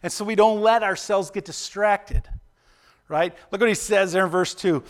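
A man's voice: high-pitched, moderate pace. A male pastor preaching in a conversational way, often checking in with "right?" and playfully acting out quotes. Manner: conversational, keeps asking "right?", acts out quotes with playful voices. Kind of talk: sermon.

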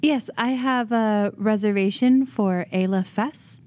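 A woman's voice: mid-range voice, slow pace, warm tone. A woman playing a tabletop role-playing game, speaking politely and matter-of-factly in and out of character. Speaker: player.

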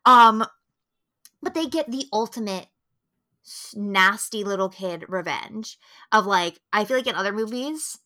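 A young woman co-hosting a podcast in casual chat, animated and profane, often acting out characters' lines. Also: medium pitch, unhurried. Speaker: podcast co-host.

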